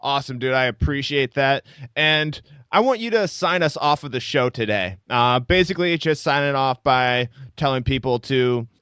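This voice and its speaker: A man's voice: mid-range voice, moderate pace, fairly bright tone, clean tone, no room sound, clean studio sound. A man hosting a podcast, chatting in an easygoing, friendly way and wrapping up the episode. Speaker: podcast host. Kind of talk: casual podcast interview.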